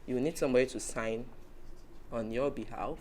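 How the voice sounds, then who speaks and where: A woman's voice: a bass voice, normal speed, a little mellow, slight background noise. A woman hosting a casual talk show, explaining points from her notes. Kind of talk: casual panel chat.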